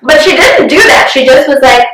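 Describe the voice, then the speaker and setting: A woman's voice: high-pitched, lively intonation, moderate pace, roomy sound, far from the mic, heavy background noise. A young woman co-hosting a podcast, chatting candidly, swearing freely and acting out what others said. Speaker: podcast co-host. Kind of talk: casual chat.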